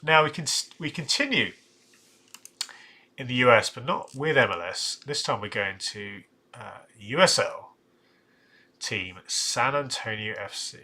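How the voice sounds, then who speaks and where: A man's voice: medium pitch, lively intonation, a little slow, long pauses, pushed and bright. A man hosting a casual live stream, thinking aloud with restarts and asides. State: tired, yawning. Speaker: live-stream host ranking football shirts.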